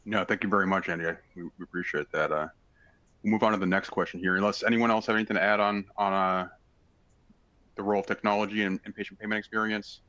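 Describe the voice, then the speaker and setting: Brief: male moderator, very deep voice with a bright sharp edge, halting delivery. Dull lo-fi recording. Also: fairly even intonation. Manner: halting, repeats words. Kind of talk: moderating a panel discussion. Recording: dull lo-fi audio.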